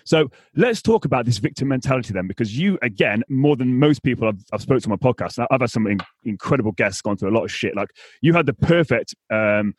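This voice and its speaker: A man's voice: mid-range voice, expressive, fast talker, few pauses, slightly rough. A man hosting a podcast interview, blunt and emphatic, swearing freely in casual talk. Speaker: podcast host.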